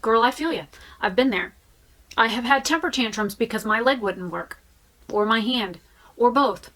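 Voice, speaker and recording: A woman's voice: a little high, normal speed, a bit bright, rough recording. A woman vlogging in a frank, chatty way, with fillers and restarts. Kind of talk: candid casual talk to camera.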